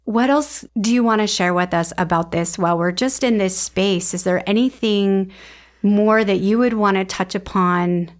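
A woman's voice: mid-range voice, moderate pace. A woman hosting a podcast interview, emotional and close to tears, speaking in a heartfelt way. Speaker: podcast host.

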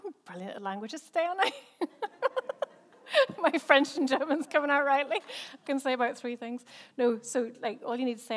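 Lady pastor preaching, chatty, jokes at herself, voice sits a bit high. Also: fairly quick. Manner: chatty and self-mocking, laughs often. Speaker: senior pastor. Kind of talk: sermon with personal stories.

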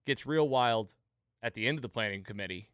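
A man's voice: mid-range voice, fairly quick, fairly bright tone, smooth, no echo, studio quality. A man hosting a podcast, animatedly retelling a TV episode in casual chat and laughing at the jokes. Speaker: podcast host.

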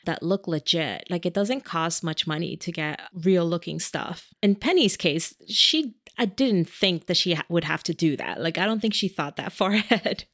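A woman's voice: fairly low pitch, moderate pace, hardly any pauses, fairly bright tone, no echo, studio quality. A woman co-hosting a podcast, recapping a movie in casual, chatty talk with frequent laughs and asides. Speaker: podcast co-host.

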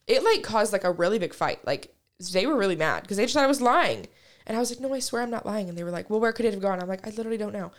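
A woman's voice: medium pitch, expressive, racing. A woman in her twenties, a podcast co-host telling stories in a rambling, casual way, full of "like" and swearing. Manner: rambling, heavy use of "like", frequent swearing. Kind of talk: casual chat, storytelling.

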